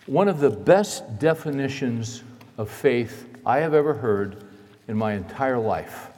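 A male pastor preaching a sermon in a church, dramatic, moving between loud emphasis and hushed asides. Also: medium pitch, animated, unhurried, long reverb tail.

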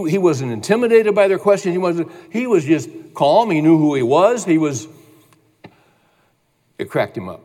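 Man preaching a sermon in a reverberant hall. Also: high voice. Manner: storytelling, animated when quoting others. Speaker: pastor.

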